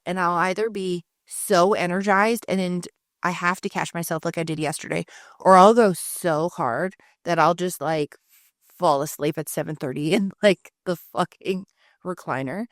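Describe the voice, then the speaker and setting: In a dry, studio-quality recording with no room sound, a woman with a fairly low voice co-hosts a podcast. She chats casually, swearing often as she tells long, rambling stories about everyday life.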